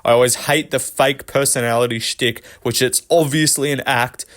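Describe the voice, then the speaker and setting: A man's voice: medium pitch, steady tone, moderate pace, a bit bright. A young man hosting a commentary vlog, ranting with frequent swearing and exasperation. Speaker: MMA commentary channel host.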